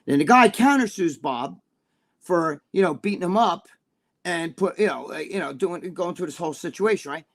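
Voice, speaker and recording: A man's voice: high-pitched, animated, normal speed, a bit bright. A man talking as a podcast guest, telling blunt, profane stories and checking in with his listener as he goes. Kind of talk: casual chat on a live-streamed podcast.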